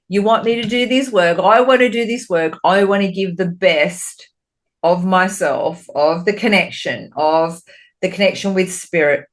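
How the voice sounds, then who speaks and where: Speaking at medium pitch, a woman who works as a spiritual medium and co-hosts a podcast chats casually with candor and expression. She swears freely and grows animated retelling her talks with spirit.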